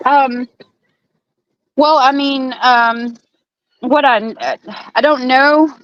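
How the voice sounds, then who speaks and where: A woman's voice: high-pitched, fairly even intonation, extremely slow, a bit bright, muffled recording. A woman guest on a true crime chat, talking casually and hesitantly with many fillers, in a sympathetic tone.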